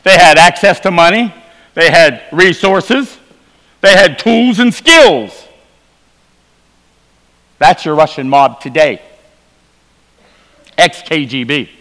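Bright, high-voiced man preaching in a hall. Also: lively intonation, slow, long pauses. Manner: storytelling, shifts between quiet low asides and emphatic rises. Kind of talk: revival sermon testimony. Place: church sanctuary. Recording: long hall reverb.

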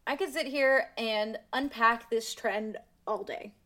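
A woman's voice: a little high, slow pace, fairly bright tone. Emphatic young woman vlogging her opinions. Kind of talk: casual commentary to camera.

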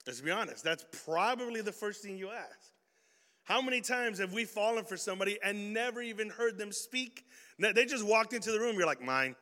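A young man preaching an energetic youth sermon, telling stories in slang and swinging from loud bursts to hushed points. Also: high-pitched, a little fast, in a large hall. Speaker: youth pastor.

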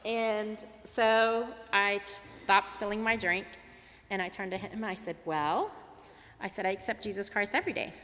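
Bright-voiced woman telling a story. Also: mid-range voice, brisk, long reverb tail, slight background noise. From Tulsa, Oklahoma. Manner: animated storyteller, acts out dialogue. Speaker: interfaith advocate speaker. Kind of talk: personal storytelling talk.

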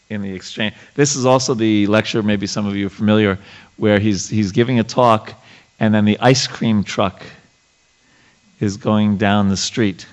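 A man leading a scripture study class, reading passages aloud and explaining them in a halting way, with many fillers and restarts. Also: on the low side, dull audio.

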